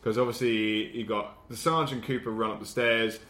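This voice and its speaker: A man co-hosting a podcast, chatting casually about a film, swearing and acting out scenes in quick quoted voices. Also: lowish voice, steady tone, a bit bright, echoey room. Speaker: podcast co-host. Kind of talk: casual film review chat.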